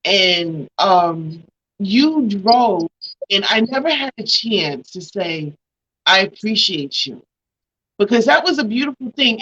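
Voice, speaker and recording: A woman's voice: mid-range voice, slow, bright, forceful tone, dull audio. A woman hosting a talk show, speaking at length and with feeling as she thanks her guest. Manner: emotional, grateful, talks at length. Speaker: host.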